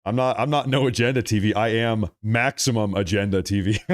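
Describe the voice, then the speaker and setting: A man's voice: lowish voice, fairly quick, dry recording, clean studio sound. A man hosting live political commentary on a stream, emphatic and repeating lines for effect, calling his viewers folks. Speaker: livestream political commentary host.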